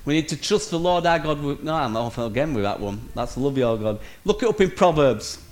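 A man with a fairly high voice preaching a lively sermon. He speaks straight to his listeners, calling them "guys", and shrugs off his mix-ups with a quick laugh. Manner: energetic, addresses listeners as "guys", laughs at his own slips.

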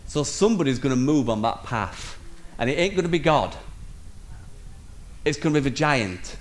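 A man's voice: mid-range voice, lively intonation, moderate pace. A man preaching a sermon with energy, calling his listeners "guys" and laughing off his own slips.

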